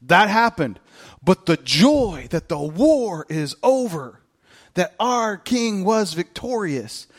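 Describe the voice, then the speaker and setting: A man preaching a sermon as a pastor, animated and candid, with self-mocking humor and voices acted out in quotes. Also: sits high.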